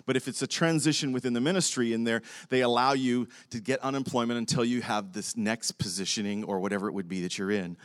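An older male pastor preaches to his congregation in a mid-pitched voice. He tells a personal story with animation and acts out each side of a conversation. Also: fast, hardly any pauses. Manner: animated storytelling, acting out both sides of a conversation with laughs. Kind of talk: sermon.

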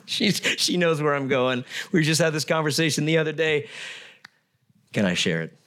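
This voice belongs to a middle-aged man preaching. His pitch sits a little higher than usual for a man. He moves between reading scripture and relaxed, joking conversation with his listeners. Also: a little slow, long pauses. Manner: conversational, joking asides with laughter. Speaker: pastor. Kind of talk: sermon.

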